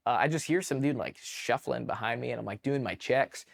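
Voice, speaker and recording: Male veteran guest from California: casual, filler-heavy, animated, swears freely. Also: mid-range voice, a little fast, creaky. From California, USA. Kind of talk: casual storytelling.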